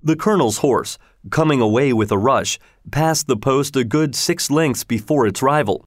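A man narrating a storybook chapter in a plain, steady reading voice. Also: medium pitch, moderate pace, dry recording, clean studio sound. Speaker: audiobook narrator.

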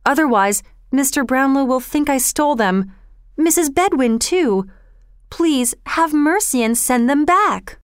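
A woman voicing a frightened young boy who pleads near tears, his voice high and trembling. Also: moderate pace, clean tone, no echo, studio quality, natural voice. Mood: pleading.

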